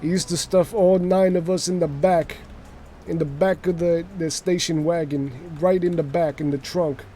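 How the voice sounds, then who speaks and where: A man's voice: a little high, fairly even intonation, normal speed, dark tone, a little hiss or hum, close to an everyday voice. A man voicing a brash male Italian-American wise guy with a New York accent, telling rambling, jokey stories.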